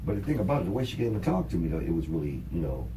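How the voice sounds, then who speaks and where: A man co-hosting a talk show, casually telling a story in an animated, profane way and acting out what people said. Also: sits low, rapid-fire. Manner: animated, profane, acts out quoted dialogue. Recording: distant mic with faint background noise.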